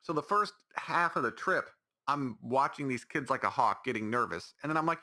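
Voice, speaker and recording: This man's voice sits fairly high, moving at normal speed with a bright, forceful tone. Hosting his own podcast with no one else, he rambles casually and sounds exasperated, restarting again and again.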